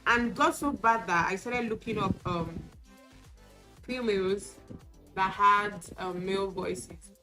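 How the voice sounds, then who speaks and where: A woman's voice: mid-range voice, slow, low-quality recording. Chatty woman vlogger over background music. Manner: chatty, candid storytelling; acts out quoted exchanges. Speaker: beauty vlogger. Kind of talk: casual get-ready-with-me chat. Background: music playing.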